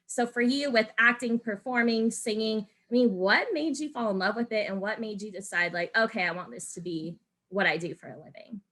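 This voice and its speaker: A woman's voice: mid-range voice, moderate pace, fairly bright tone. A woman hosting a podcast interview, chatting casually and gushing with enthusiasm. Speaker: podcast host.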